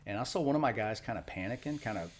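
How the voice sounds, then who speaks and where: Speaking fairly low but with lively intonation and rapid-fire delivery, a middle-aged man who retired from the Marines tells his stories as a podcast guest. It's a casual interview, and his account is loose and matter-of-fact, with fillers and restarts.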